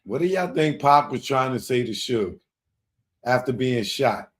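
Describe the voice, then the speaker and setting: A man's voice: medium pitch, animated, a little slow. A man hosting a live show, commenting on clips and putting rhetorical questions to his audience. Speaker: host.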